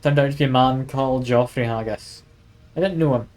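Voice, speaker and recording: A man's voice: mid-range voice, fairly quick, a little mellow. Chatty male game streamer. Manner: chatty, wry, reads aloud with asides. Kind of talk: casual gaming commentary and reading game text aloud.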